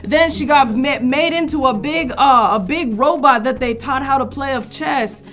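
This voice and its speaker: A woman's voice: high-pitched, moderate pace, a bit bright. A woman guest on an improv comedy show, laid-back and casual, calling people dude.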